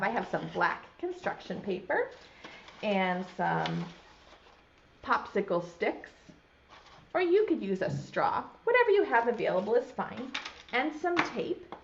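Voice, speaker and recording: A preschool teacher reading a storybook to little kids on a webcam, cheering them on by name. Her voice is slow, clear and full of lively sing-song swings. The sound is dull and lo-fi. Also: mid-range voice, a little hiss or hum. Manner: encouraging, praising children by name. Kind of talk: reading a picture book to children.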